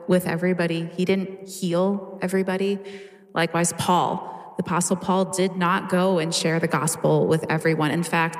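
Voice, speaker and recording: A woman answering a question in a measured, thoughtful way. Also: fairly low pitch, big-room sound. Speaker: guest. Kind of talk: discussion answer.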